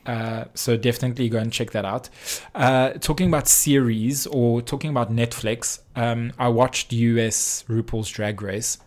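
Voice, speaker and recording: Casual male podcast co-host, chatty and animated, lots of ums. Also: mid-range voice, moderate pace, few pauses. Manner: chatty and animated, many fillers, breaks into laughter. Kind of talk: casual chat.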